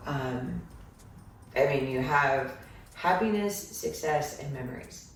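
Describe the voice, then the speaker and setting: Low gravelly woman giving a psychic reading. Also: expressive, takes it slowly. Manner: meandering, many filler ums. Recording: echoey room, far from mic, faint noise.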